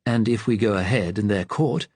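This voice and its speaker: A man voicing a cold male conspirator who speaks flatly. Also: fairly low pitch, moderate pace, breathy edge, no echo. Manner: cold and flat.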